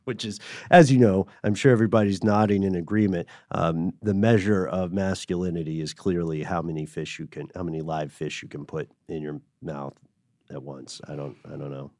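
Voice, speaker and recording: A man's voice: deep voice, steady tone, moderate pace, warm tone, no echo, studio quality. A man co-hosting a podcast in casual chat, making wry, joking asides. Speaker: podcast co-host.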